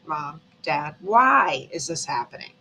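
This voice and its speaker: A woman's voice: sits low, sing-song, takes it slowly, pushed and bright, slight background noise, voice pushed down, exaggerated voice. A woman putting on an exasperated grown child who complains in a whiny way about being set up. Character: exasperated adult child resisting a setup.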